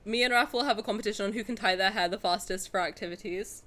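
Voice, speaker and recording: A woman, chatting casually on a stream, excitable and dramatic, rambling between topics. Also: mid-range voice, fast talker.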